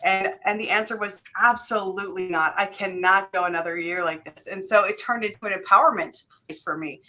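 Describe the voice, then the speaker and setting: A woman's voice: mid-range voice, brisk, sharp tone. A woman guest author speaking earnestly in a casual radio interview, with frequent fillers and light laughs.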